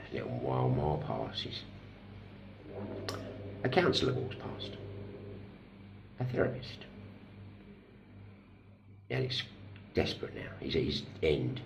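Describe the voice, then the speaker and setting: Very deep gravelly man. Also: sing-song, background noise. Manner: blunt and self-deprecating, swears, slow deliberate storytelling with pauses. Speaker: recovering addict sharing his story. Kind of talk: candid personal vlog, telling a parable.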